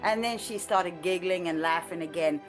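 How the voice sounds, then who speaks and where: A woman sharing a personal prayer testimony in an earnest, halting way, with frequent restarts and light laughter. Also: lowish voice, soft background music. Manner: halting, with many restarts and fillers. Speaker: ministry trainee sharing a testimony. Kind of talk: conversational testimony.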